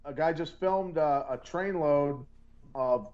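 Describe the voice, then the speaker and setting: A man on a podcast retelling a story, halting with many restarts. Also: a little high, a little mellow, dull audio. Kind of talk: casual podcast conversation.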